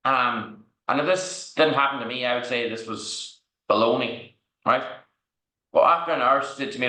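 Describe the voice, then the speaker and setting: An Irishman's bright, forceful voice of medium pitch moves at a moderate pace through rambling, candid anecdotes on a podcast interview. He punctuates them with "right?", and the recording has an echoey room sound.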